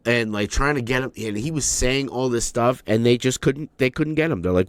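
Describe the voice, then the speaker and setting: A man co-hosting a podcast in casual chat, rambling, animated and swearing freely. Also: medium pitch, normal speed, few pauses, dry recording. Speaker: podcast co-host.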